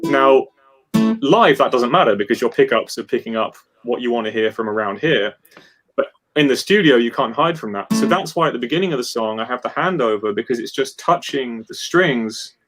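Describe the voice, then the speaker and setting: A man's voice: medium pitch, moderate pace, faint music behind. Rambling male guitarist explaining technique. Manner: animated, rambling explanations with many restarts. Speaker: guest guitarist. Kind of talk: casual technical chat. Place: live video call.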